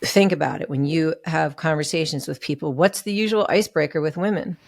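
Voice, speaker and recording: Woman guest, deep voice, earnest and emotional, dry mic. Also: a little fast, gravelly, no room sound. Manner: earnest, emotional, acts out what others said. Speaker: podcast guest. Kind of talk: candid personal story in an interview.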